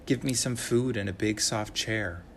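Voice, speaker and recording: A man's voice: on the low side, a little slow, a bit bright, slight background noise. A man voicing a rude, greedy young bear in a read-aloud storybook, speaking in a whiny, boastful way.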